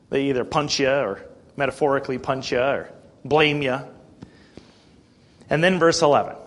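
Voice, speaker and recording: Guy preaching casual-like, keeps clearing his throat, asks the room questions, average pitch. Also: moderate pace, pauses often. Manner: plain-spoken, asks rhetorical questions, often clears throat. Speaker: pastor. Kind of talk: conversational sermon.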